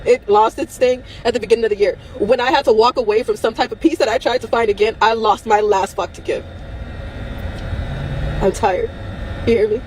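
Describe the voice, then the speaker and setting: A woman's voice: fairly high pitch, steady tone, a little fast, darkish tone, a little hiss or hum, rough recording. Young woman rambling through nervous laughter. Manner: strained, close to tears. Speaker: vlogger. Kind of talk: emotional unscripted monologue.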